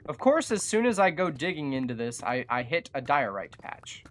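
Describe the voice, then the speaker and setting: Live game streamer at a desk mic, casual chat, mid-pitched voice, dry self-mocking jokes. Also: big pitch swings, normal speed, a little hiss or hum. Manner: chatty, self-mocking and jokey. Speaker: gaming streamer. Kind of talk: casual live gameplay commentary.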